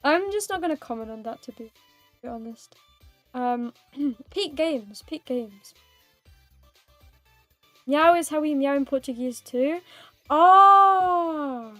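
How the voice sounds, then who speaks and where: A woman with a high, bright-toned voice chats with her stream viewers, playful and giggly, rambling and teasing. Her voice is close and dry, with soft music playing under it. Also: lively intonation, slow pace, long pauses, no room sound. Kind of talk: casual live-stream chat with viewers.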